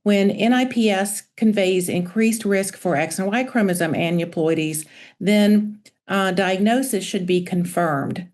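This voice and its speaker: A woman pediatrician presenting a medical webinar lecture over a video call in a measured, informative way. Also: medium pitch, darkish tone. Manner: measured, informative, reading from slides.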